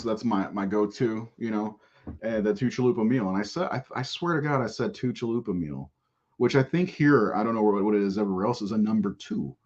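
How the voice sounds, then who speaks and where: A man's voice: fairly low pitch, darkish tone. A man hosting a podcast in casual live-stream chat, rambling and profane and laughing often. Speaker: podcast host. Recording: dull lo-fi audio.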